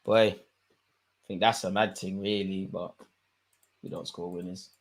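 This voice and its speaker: A young man, commentating live on a football match for his viewers and shouting at the screen. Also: low-pitched, unhurried. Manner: excitable, swings from muttering to shouting at the screen. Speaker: football watchalong host. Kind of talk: live watchalong commentary, casual.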